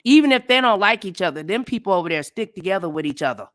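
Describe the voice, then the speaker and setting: A woman hosts a casual livestream in a mid-pitched voice. She talks bluntly and profanely, and she tells her stories with animated energy. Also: fast talker. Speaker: livestream host.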